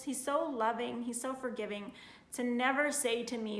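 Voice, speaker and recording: A woman in her thirties tells her personal faith story in an earnest, heartfelt way, leaning on "like" as she talks. Her voice sits a little high. The room around her is echoey. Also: moderate pace, fairly bright tone. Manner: earnest, heartfelt, frequent "like" fillers. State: getting emotional. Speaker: vlogger sharing her testimony. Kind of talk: casual personal testimony.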